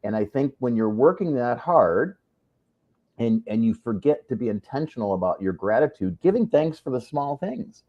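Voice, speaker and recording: A man's voice: medium pitch, very animated, moderate pace, highs cut off. A man hosting a live video chat, talking in an earnest, motivational way and often checking in with "right?". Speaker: live show host. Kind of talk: casual live-stream chat.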